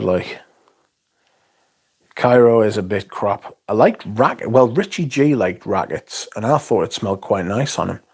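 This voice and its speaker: Male streamer, lowish voice, deadpan sweary banter. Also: vocal fry, breathy edge. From England. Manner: blunt, sweary, dry sarcastic humour. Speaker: livestream host reviewing fragrances. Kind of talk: casual livestream chat reading comments.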